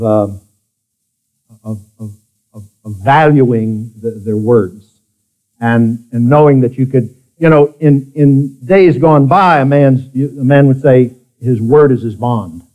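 High-voiced preacher guy, big swoopy delivery, talking to his church. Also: poor audio. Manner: preaching, swings between soft asides and loud high exclamations. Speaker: pastor. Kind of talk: sermon. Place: church with a congregation.

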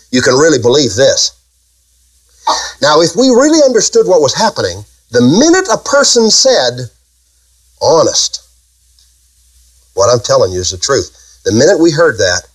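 Animated male preacher, lively pitch. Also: low-quality recording. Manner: emphatic, rhetorical questions to the congregation. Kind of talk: sermon.

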